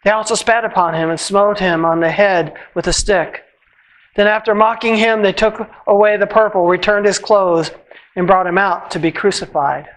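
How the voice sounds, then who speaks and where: A church reader delivers a Passion narrative in a measured, solemn way at a service. The voice sits in a middle pitch range and slows at the ends of phrases. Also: steady tone, poor audio. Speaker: scripture reader.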